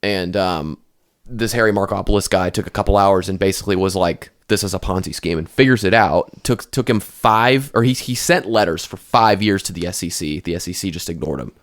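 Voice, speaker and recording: A man's voice: low-pitched, a little fast. Rambling, swearing podcast man. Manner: rambling, swears a lot, many restarts. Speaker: podcast co-host. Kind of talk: casual chat.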